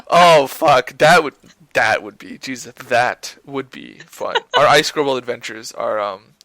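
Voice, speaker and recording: A young man co-hosting a podcast, telling a story in a loud, profane, laughing way. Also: mid-range voice, expressive, unhurried, gravelly, no room sound, poor audio. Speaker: podcast co-host. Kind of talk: casual chat.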